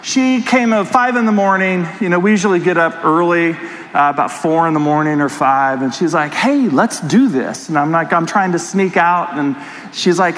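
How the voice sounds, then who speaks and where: A pastor delivering a sermon with an animated personal story, talking straight to his congregation. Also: high voice, in a large hall, slight background noise, low-quality recording.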